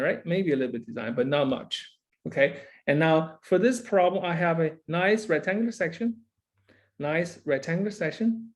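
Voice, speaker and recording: Repetitive lecturing man, slightly high voice. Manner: repeats key phrases, tags lines with "right?". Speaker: university lecturer. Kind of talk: classroom lecture.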